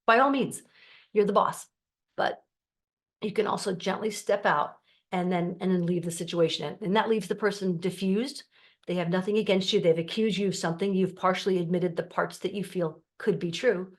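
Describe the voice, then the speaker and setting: A middle-aged woman coaching her viewers in a calm, explanatory way, acting out the voices of the family members she quotes. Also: lowish voice, moderate pace. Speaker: life coach. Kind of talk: teaching to camera.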